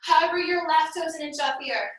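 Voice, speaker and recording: A woman's voice: high voice, a little fast. Woman yoga teacher, out of breath, sing-song cues, distant mic, roomy echo. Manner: upbeat cueing, sings some cues, laughs at herself. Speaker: yoga instructor. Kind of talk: live yoga class cueing. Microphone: laptop mic over a hotspot.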